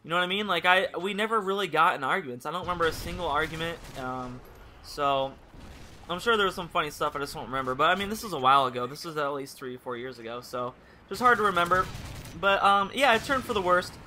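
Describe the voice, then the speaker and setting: A man's voice: fairly high pitch, lively intonation, fast talker, bright, forceful tone, a little hiss or hum. A young man casually telling a rambling personal story over gameplay commentary, candid and swearing freely. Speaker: gaming channel host.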